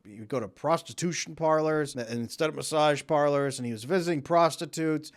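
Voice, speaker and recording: A man talking as a relationship coach, giving direct advice and acting out the voices of people he quotes. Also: medium pitch. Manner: animated, acts out quoted voices. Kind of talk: direct-to-camera advice talk.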